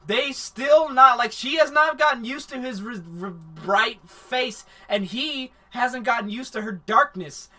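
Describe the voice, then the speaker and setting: Bright-voiced man recapping an anime. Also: extremely high pitch, unhurried, few pauses. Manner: rambling, profane, animated retelling. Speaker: anime review host.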